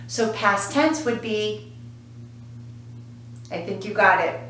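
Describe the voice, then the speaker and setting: A woman's voice: mid-range voice, takes it slowly, pauses often, a bit bright, slight background noise. A woman teaching English pronunciation in a lesson, speaking patiently and repeating each sound to model it. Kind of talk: classroom lesson to camera. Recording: echoey room, voice from a distance.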